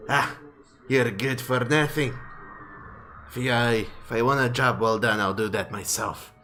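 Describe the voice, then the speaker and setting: A man voicing a gruff male dwarf who is hostile, vengeful and quick to insult. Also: medium pitch, sharp tone, soft background music. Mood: scornful. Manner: grumbling, spitting insults.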